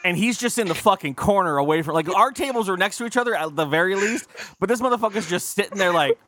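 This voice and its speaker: A man's voice: sits high, lively intonation, fast talker, fairly bright tone. A man co-hosting a podcast, telling rambling profane stories in casual chat and acting out the people he quotes. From California. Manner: rambling, swears a lot, acts out quoted people. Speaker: podcast co-host.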